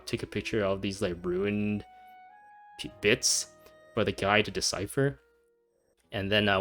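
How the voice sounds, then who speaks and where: A man casually commenting on a video game, chatty and quick to laugh, with plenty of fillers. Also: on the low side, a bit bright. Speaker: gaming channel host. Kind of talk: casual let's-play commentary.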